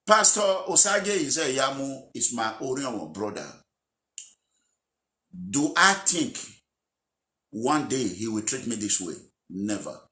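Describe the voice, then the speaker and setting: Bright, emphatic politician. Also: male voice, medium pitch, roomy sound. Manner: aggrieved, emphatic. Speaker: aggrieved politician. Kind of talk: recorded speech.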